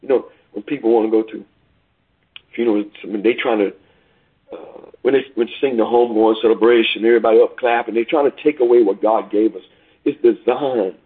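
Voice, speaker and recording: A man preaching a sermon over a call, rising and falling in pitch and volume and repeating phrases for emphasis. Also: a little fast, breathy edge. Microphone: phone call. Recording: tinny phone line.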